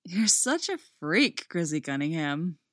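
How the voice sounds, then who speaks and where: A wry young man with a rough edge, teasing in a low-key, muttering way, as a woman reader voices him. Her pitch still moves a lot, and the sound is dry and close. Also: expressive, moderate pace, fairly bright tone, no echo. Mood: delighted.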